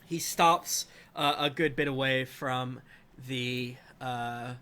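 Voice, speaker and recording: A man's voice: mid-range voice, slow, pushed and bright. A man narrating a tabletop game as dungeon master, rambling and filling gaps with ums and uhs. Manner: rambling, full of fillers.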